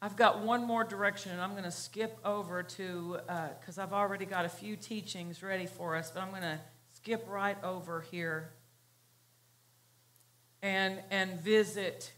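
A woman pastor preaching a sermon, slow and emphatic, repeating key phrases for weight. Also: medium pitch, fairly even intonation, a bit bright.

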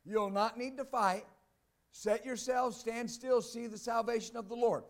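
A man preaches a sermon in a high, bright register. He reads passages of scripture aloud, then breaks them down with emphatic repetition. He returns again and again to the same short phrases to drive his points home. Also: steady tone, measured pace. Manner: emphatic, repeats "Amen" and "believe that". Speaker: pastor.

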